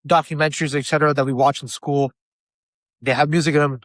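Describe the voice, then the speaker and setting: A man's voice: on the high side, a little fast, no room sound. A young man from Miami, a guest telling stories in a casual chat over a video call. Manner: chatty, animated storyteller.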